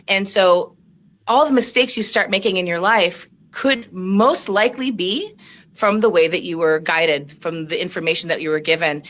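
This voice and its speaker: Breathless, bright-voiced woman coach. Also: on the low side. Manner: earnest, reflective, halting with fillers. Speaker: coach and consultant. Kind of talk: audition interview on a video call. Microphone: video call.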